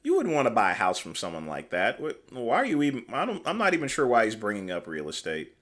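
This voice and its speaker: A man's voice: on the low side, sing-song, quick pace, fairly bright tone. A man hosting a livestream, giving casual commentary with dry, mocking asides. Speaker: livestream host.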